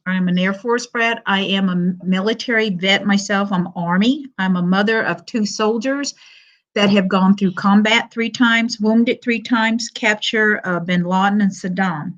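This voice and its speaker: An older woman telling a personal story on a live stream, halting, with pauses and fillers and quoted dialogue. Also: medium pitch. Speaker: panel guest sharing her story. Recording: muffled lo-fi stream audio.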